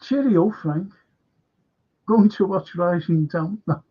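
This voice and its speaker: A man's voice: high voice, slow, breathy edge. A man hosting a live football fan show, telling rambling anecdotes, swearing freely and laughing often. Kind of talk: casual live-stream chat. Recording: lo-fi dull audio.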